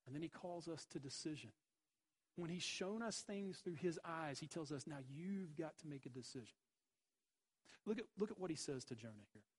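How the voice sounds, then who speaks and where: A man's voice: a little high, lively intonation, a little fast, husky, rough recording. A man preaching a sermon, emphatic, with rhetorical questions and repeated phrases. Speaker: pastor.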